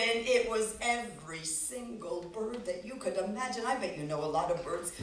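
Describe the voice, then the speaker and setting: A woman telling a folk tale live to an audience, playful and expressive, asking listeners questions. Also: on the high side, a little hiss or hum. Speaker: storyteller. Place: festival stage before a live audience. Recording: echoey hall, distant mic.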